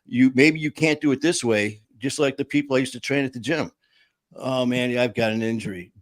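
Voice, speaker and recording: A man's voice: medium pitch, a little fast, dry recording. A man hosting a casual talk, telling a story with lots of fillers, laughs and acted-out quotes. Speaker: show host.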